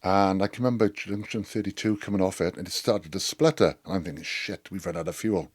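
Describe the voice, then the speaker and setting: Guy, deep low voice, spinning a rowdy sweary yarn on a podcast. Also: a little fast, breathy edge. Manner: animated, sweary storyteller. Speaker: podcast guest. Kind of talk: storytelling anecdote.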